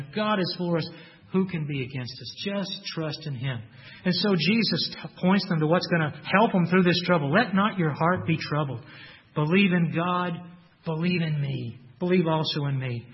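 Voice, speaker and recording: A man's voice: fairly high pitch, dull audio. A man preaching a sermon, earnest and repeating his phrases, his voice lifting when he quotes Scripture.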